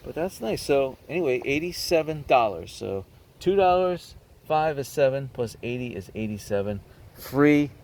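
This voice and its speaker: Speaking at normal speed with a medium-pitched voice, a man casually shows his garage sale finds to the camera in a show-and-tell vlog. He's chatty and hesitant, then bursts into excitement over the bargains.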